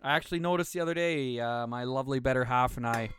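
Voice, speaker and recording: A man's voice: medium pitch, fast, background noise. A young man hosting a solo podcast, talking in a casual, profane, rambling and self-mocking way, slightly out of breath. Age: young adult. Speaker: podcast host. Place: home studio room.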